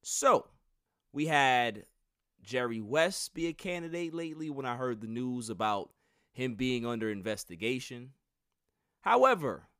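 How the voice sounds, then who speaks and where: A man hosting a solo sports podcast, ranting in an animated, mocking way and laughing as he goes. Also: medium pitch, clear, resonant tone, dry recording, studio quality. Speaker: podcast host.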